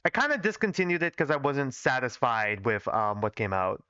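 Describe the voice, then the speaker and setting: A man's voice: mid-range voice, sing-song, normal speed, pushed and bright, smooth, no room sound, lo-fi sound. Self-critical young man reading on stream. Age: young adult. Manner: self-critical, rambling with fillers. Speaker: streamer reading his old fanfiction. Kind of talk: casual livestream reading.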